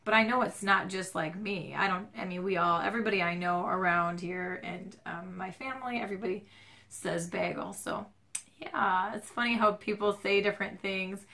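A woman's voice: mid-range voice, normal speed, vocal fry, pushed and bright. A Midwestern American woman vlogging from home, rambling and self-deprecating, her voice strained and stuffed up. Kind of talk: casual chatty vlog. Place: home at night, dim lighting. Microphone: camera mic, handheld shaky camera.

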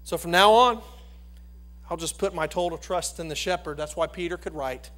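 A male pastor preaching a sermon in a church, swinging between loud proclamation and hushed, slow emphasis. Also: a little high. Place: church sanctuary.

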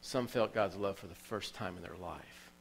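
Male pastor, lowish voice, emotional storytelling sermon delivery with emphatic repetition. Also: moderate pace, creaky, slight background noise, low-quality recording. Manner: emotional storytelling preacher, repeats phrases for emphasis. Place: church.

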